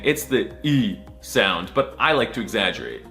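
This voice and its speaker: A man's voice: mid-range voice, sing-song, brisk, hardly any pauses, fairly bright tone, soft background music. A man giving a sarcastic, crude mock alphabet lesson, drawing out letter sounds over and over. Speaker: comic language teacher.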